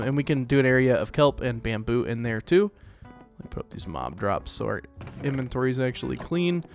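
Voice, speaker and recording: Guy chatting thru his let's play, rambly, mid pitch, soft music in the background. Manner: rambling, chatty, lots of fillers and laughs. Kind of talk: casual gameplay commentary.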